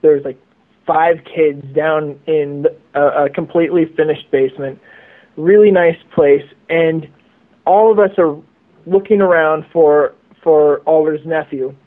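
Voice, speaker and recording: A man's voice: on the high side, fairly even intonation, unhurried. Rambling man on a tinny phone line. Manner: rambling, repeats words often. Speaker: guest. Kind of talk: storytelling interview over the phone.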